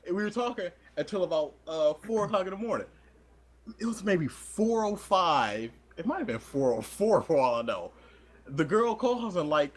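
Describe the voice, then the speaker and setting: Lively young man telling a story. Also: high-pitched, normal speed. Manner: animated, laughs a lot, acts out quoted voices. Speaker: podcast co-host. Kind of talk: casual storytelling chat.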